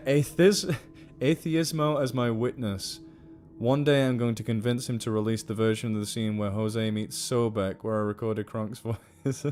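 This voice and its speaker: A man's voice: fairly low pitch, a little mellow. A man chatting casually on a live stream, giggly and rambling.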